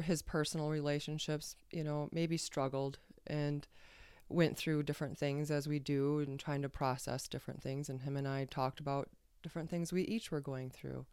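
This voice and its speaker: A woman's voice: low-pitched, fairly even intonation, moderate pace, darkish tone, clean tone, no room sound, clean studio sound. A woman guest on a podcast telling a personal story casually, rambling and hesitant with many fillers and restarts.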